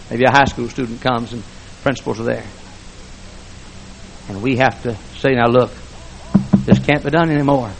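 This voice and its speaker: A man preaching a fiery church sermon, swinging between shouted lines and hushed speech with emphatic repetition. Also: mid-range voice, gravelly, a little hiss or hum, poor audio. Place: church sanctuary before a congregation.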